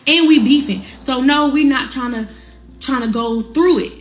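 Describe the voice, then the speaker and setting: A woman's voice: high voice, moderate pace. A young woman telling a personal story in casual, slangy talk, speaking straight to her viewers. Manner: candid, slangy, addresses viewers directly.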